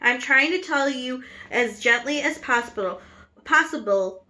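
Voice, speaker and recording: A woman voicing a calm, patient, determined old grandmother in a storybook reading. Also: high voice, measured pace, full character voice. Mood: calm firmness.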